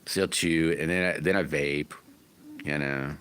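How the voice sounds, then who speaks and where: A man's voice: a bass voice, steady tone, unhurried, fairly bright tone, clear, resonant tone. A middle-aged man hosting a livestream, chatting casually with viewers in a folksy, rambling way full of restarts. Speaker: livestream host.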